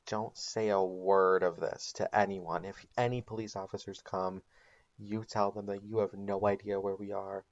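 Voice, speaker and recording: A man voicing a grim middle-aged male crime-boss father in a comedic made-up recap, speaking flat and stubborn. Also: lowish voice, moderate pace, muffled recording, natural voice. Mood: firm.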